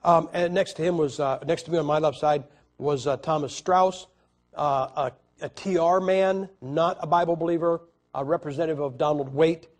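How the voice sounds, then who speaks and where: Man, evangelist, sermon storytelling, slightly high pitch, halting restarts. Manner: animated storytelling, swings between loud and quiet; halting, repeats words and restarts. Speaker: evangelist preacher.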